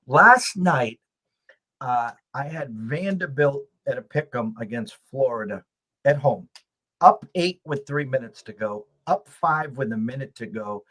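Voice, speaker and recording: Man, mid-pitched, chatty host, stammers into his sentences. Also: animated, unhurried, fairly bright tone. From United States. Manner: chatty, repeats words when starting sentences. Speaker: podcast host. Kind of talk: casual sports betting chat.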